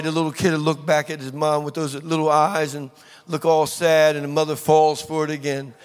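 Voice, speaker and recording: A man preaching a sermon, telling a lively story and acting out the people in it. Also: fairly high pitch, brisk, clean tone. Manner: storytelling, acting out scenes with voices. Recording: long reverb of a large hall with audience.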